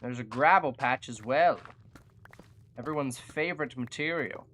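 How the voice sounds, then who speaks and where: Live game streamer at a desk mic, casual chat, mid-pitched voice, dry self-mocking jokes. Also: a little slow, fairly bright tone, a little hiss or hum. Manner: chatty, self-mocking and jokey. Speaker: gaming streamer. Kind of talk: casual live gameplay commentary.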